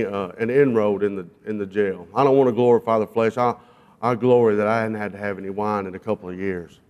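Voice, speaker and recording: A man gives a folksy testimony from a church pulpit, mixing jokes about himself with scripture. His voice sits at a medium pitch and has an easygoing, unpolished flow full of "uh"s. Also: a little mellow. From South Arkansas, US. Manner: folksy, self-deprecating, with frequent fillers. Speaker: guest speaker, jail minister. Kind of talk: sermon testimony with humorous storytelling.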